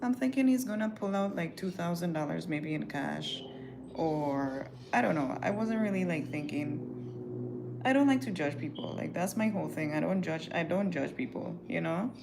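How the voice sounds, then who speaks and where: Woman, low gravelly voice, animated profane storytelling, livestream, faint background hiss. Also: normal speed. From Caribbean. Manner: animated, profane, chatty, acts out quotes.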